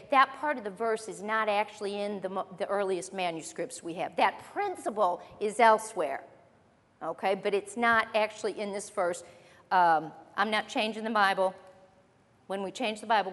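A woman preaching a sermon, emphatic, slowing down to stress key phrases. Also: mid-range voice, long reverb tail.

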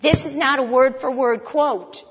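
A woman's voice: high voice, slightly rough, long reverb tail. A woman preaching a sermon, emphatic, asking rhetorical questions and repeating phrases for stress. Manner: emphatic, rhetorical questions, rapid mock chanting.

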